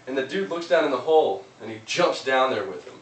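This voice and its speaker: A man's voice: mid-range voice, expressive, brisk. A man giving an earnest, casual motivational talk, often restarting his words. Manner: earnest, loose, with many repeated restarts. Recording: roomy, distant mic, faint noise.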